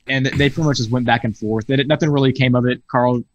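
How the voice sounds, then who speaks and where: A man's voice: mid-range voice, quick pace, a little hiss or hum. A man telling stories over a dull video call. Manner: animated, profane, laughs while telling stories. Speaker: podcast guest. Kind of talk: casual storytelling chat.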